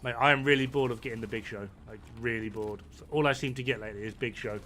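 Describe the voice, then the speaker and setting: Man, gameplay commentator, bright tone, rambling and amused delivery. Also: mid-range voice, fast talker, slight background noise. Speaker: gaming streamer. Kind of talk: casual commentary while playing.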